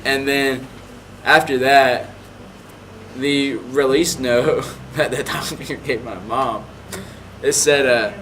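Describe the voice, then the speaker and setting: A man's voice: medium pitch, fairly even intonation, slow pace, fairly bright tone, slight background noise, poor audio. A young man in his late teens casually telling a personal story, rambling and filling his talk with "like". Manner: rambling, heavy on "like" fillers. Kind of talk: casual anecdote.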